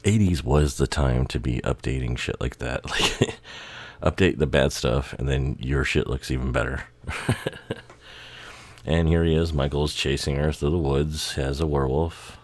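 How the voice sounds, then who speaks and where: A man's voice: a bass voice, a little slow, no room sound. A man giving casual, rambling commentary over a music video, swearing and laughing, a bit tired and tipsy.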